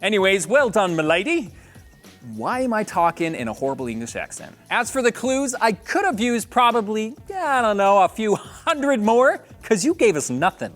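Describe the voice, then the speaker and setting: A man's voice: sits high, sing-song, moderate pace, hardly any pauses, faint music behind. A man judging a talent show, giving joking, teasing feedback in a casual way. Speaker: judge. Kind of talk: casual chat.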